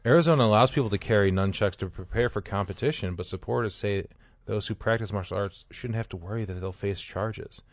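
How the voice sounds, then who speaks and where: A man's voice: lowish voice, brisk, no room sound. Dry sarcastic male podcast host. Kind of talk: casual comedic chat, reading news stories.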